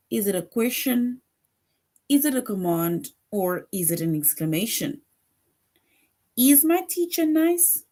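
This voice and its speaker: A woman teacher giving an online lesson to second graders, slowly reading example sentences aloud and explaining each one. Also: mid-range voice, dark tone. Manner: slow, deliberate, reads example sentences aloud.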